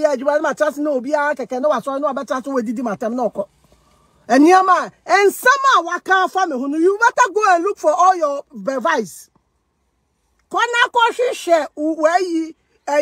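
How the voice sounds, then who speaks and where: A woman's voice: high-pitched, no echo. A woman with a Ghanaian accent delivering a heated monologue, mixing Twi and English, accusing and defending herself. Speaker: social media personality. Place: living in Germany.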